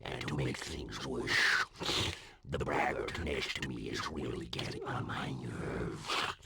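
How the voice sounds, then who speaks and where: Super deep gravelly merchant in an old game, slow and sly, hissy lo-fi audio. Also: male voice, full character voice. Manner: mournful then conspiratorial. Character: gloomy robbed male wine trader, sly schemer. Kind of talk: video game voice acting.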